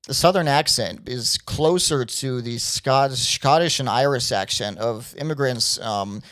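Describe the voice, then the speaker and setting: A man's voice: mid-range voice, unhurried, fairly bright tone. A man hosting a podcast in casual chat, rambling with lots of fillers and swearing. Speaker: podcast host.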